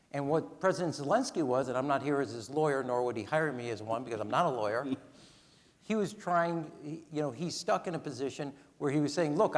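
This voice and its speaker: Emphatic man in his sixties, echoing hall. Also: medium pitch. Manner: animated, emphatic, counts off points. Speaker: guest speaker, former ambassador. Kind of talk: onstage conversation. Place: large event hall. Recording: long hall reverb.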